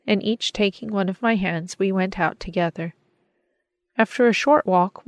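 A woman reads an audiobook in a measured, gentle way. Her voice sits on the low side for a woman. The recording is close and very dry, with no room sound. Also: no room sound. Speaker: audiobook narrator. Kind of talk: audiobook reading.

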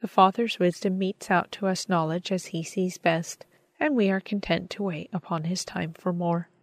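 A woman reading aloud voices a young mother who longs for her son, speaking softly and pleadingly. Her voice is lowish and close, recorded dry. It sounds like a storybook narrator's plain voice. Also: steady tone, moderate pace, dry recording. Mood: longing.

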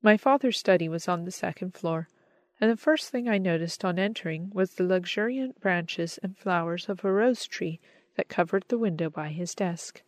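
A woman narrates a story in a measured, expressive way. Her voice sits on the low side and is recorded close and dry, with no room around it. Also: no room sound. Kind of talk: scripted audiobook narration.

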